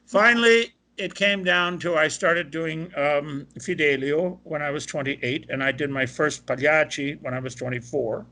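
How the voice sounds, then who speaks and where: An older man from Ohio is telling stories in an interview. His voice is bright and sits a little high for a man. He talks in long anecdotes and quotes the people he met along the way. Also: moderate pace, few pauses. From Ohio, USA. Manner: animated anecdotal, quoting others. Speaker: guest, opera tenor. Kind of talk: interview storytelling.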